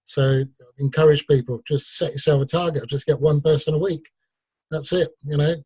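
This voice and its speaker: Husky man chatting on a group call. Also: fairly high pitch, fairly even intonation, moderate pace, darkish tone, no room sound. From England. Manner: joking, teasing. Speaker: meeting participant. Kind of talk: casual group call chat.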